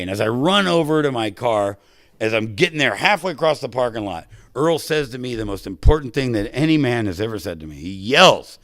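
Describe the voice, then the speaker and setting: A man giving an emotional, animated personal testimony as a speaker at a recovery convention, on a podium mic. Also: mid-range voice, fairly quick, no echo. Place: convention hall stage.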